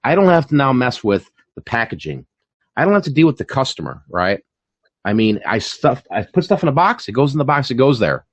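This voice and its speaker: He talks fairly quickly in a mid-range, very animated voice, and the recording has no room sound. The channel host, himself an online reseller, rambles casually on a live stream about reselling, repeating words and leaning on fillers.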